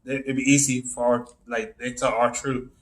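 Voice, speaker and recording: Male podcast co-host, average pitch, quick to interrupt and push back. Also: level tone, a bit bright. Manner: interjecting, argumentative, quick to cut in. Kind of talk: casual podcast chat.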